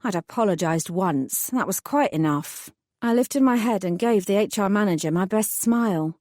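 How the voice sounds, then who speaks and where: A woman reading a first-person fantasy audiobook in a wry, measured storytelling manner. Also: medium pitch, animated, dark tone, no echo, clean studio sound. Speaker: audiobook narrator.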